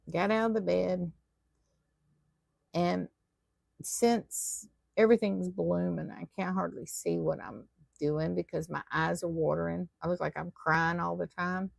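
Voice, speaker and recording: A woman leads a live online tatting lesson, chatting with her viewers and poking fun at her own slips as she works. Her voice is low and heavily gravelly. It is recorded close and dry, with no room sound. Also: no room sound. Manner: chatty, self-deprecating, talks to viewers while working. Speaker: tatting teacher. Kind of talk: live online craft class.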